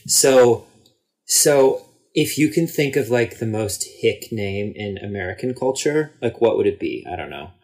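A man on a podcast, telling a relaxed story in a casual chat. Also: lowish voice, unhurried.

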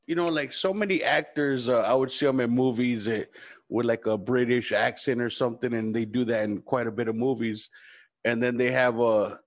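A man's voice: medium pitch, steady tone, normal speed. A man hosting a podcast, laid-back and chatty, who swears casually. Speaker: podcast host.

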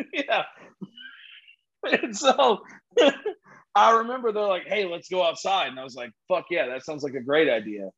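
A man's voice: sits high, a little slow, pauses often, slightly rough, highs cut off. A man guesting on a podcast, telling a story in casual chat and laughing along with it. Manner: animated, laughs through his own story.

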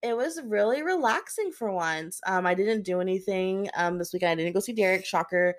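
A woman's voice: mid-range voice, animated. A young woman co-hosting a podcast, chatting casually and laughing often. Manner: quick, laughing, conversational. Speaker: podcast co-host. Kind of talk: casual chat.

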